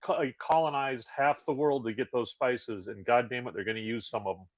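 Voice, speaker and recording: A middle-aged man co-hosting a podcast in casual chat, with wry, crude deadpan humor. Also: mid-range voice, brisk, no echo, poor audio. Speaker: podcast co-host.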